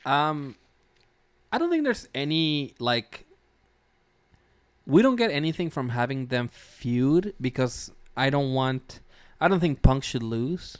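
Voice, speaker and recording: A man hosting a casual podcast chat, talking loosely with plenty of "um"s and easy laughter. His voice sits at an average pitch. It is recorded close and dry, with no room sound. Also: big pitch swings, takes it slowly, smooth, no echo. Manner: loose, laughing often, many fillers. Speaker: podcast host.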